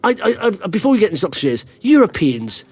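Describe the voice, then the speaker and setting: A middle-aged man hosting a podcast in excitable, animated casual chat, often repeating words. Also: high-pitched, quick pace, slightly rough, no room sound. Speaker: podcast host.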